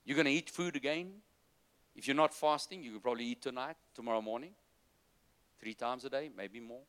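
A man preaching a sermon, moving between loud, urgent exhortation and soft, low-voiced asides to the congregation. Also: brisk, smooth. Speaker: pastor.

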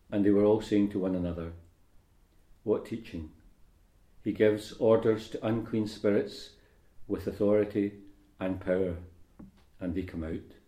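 A priest reading scripture at Mass and then giving a homily in a measured, unhurried way, with some hesitations. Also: male voice, fairly low pitch, mellow. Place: church. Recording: roomy church echo.

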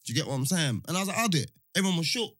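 Lively young man telling stories. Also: on the high side, no echo, clean studio sound. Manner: animated storyteller, slangy, fast and loud. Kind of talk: casual chat.

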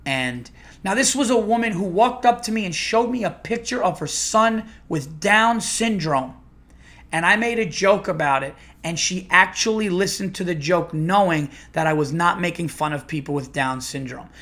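Middle-aged male comedian, casual podcast storytelling, slightly higher pitch, lively restarts. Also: moderate pace. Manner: rambling, animated, with restarts and acted-out quotes.

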